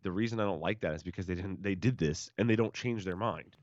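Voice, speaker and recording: A man co-hosting a sports talk show, giving quick, blunt opinions in casual chat. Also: deep voice, a little mellow, dry recording, highs cut off.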